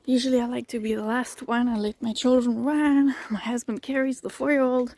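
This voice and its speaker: A middle-aged woman talks into her phone camera on a walk outdoors, out of breath, chatty and laughing. Her voice sits a little high, and a faint hiss runs under it. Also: fairly even intonation, fairly quick, hardly any pauses, dark tone, low-quality recording. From immigrant to Israel. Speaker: resident showing her shelter route. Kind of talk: handheld video walk-through. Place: outdoors, then in a bomb shelter.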